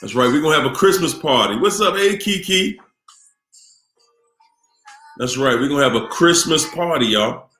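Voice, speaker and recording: A man's voice: fairly high pitch, expressive, moderate pace, long pauses, pushed and bright. A tired middle-aged man hosting a casual live stream, laid-back as he greets chat viewers by name. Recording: roomy echo with faint music.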